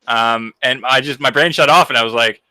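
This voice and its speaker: Guy telling a story on a podcast, swears a lot, bright dry sound. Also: mid-range voice, brisk, no room sound. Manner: storytelling, blunt and profane. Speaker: podcast co-host. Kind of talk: casual podcast chat.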